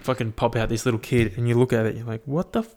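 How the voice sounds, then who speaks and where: A man's voice: medium pitch, rapid-fire. A young man, musing aloud in a casual, profane monologue full of fillers. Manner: profane, animated, thinks aloud with many fillers.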